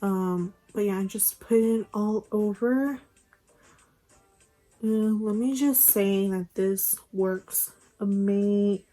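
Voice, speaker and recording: A woman's voice: medium pitch, steady tone, slow pace, dark tone, faint music behind, low-quality recording. A young woman chatting casually through a makeup tutorial, rambling with lots of fillers, recorded on a phone at home. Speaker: beauty vlogger. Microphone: phone camera.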